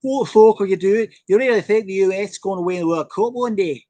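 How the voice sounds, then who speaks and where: A man putting on a British accent to imitate a brash former footballer turned pundit, loud and mocking. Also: high voice, a little fast, dry recording, voice pushed up, natural voice. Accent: put-on British.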